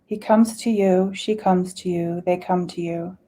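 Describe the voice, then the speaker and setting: A woman leading a guided spiritual meditation, talking slowly and soothingly, with sighs and chanted syllables between her words. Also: fairly low pitch, steady tone, mellow, slight background noise.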